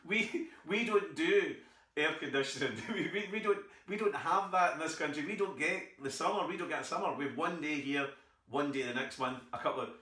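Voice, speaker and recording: A man's voice: a little high, a little fast, sharp tone. A middle-aged man with a Scottish accent doing a stand-up routine, telling stories and acting out the other people in them. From Scotland. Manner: storytelling, acting out others' voices. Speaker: stand-up comedian. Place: theatre stage. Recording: echoey theatre from far off.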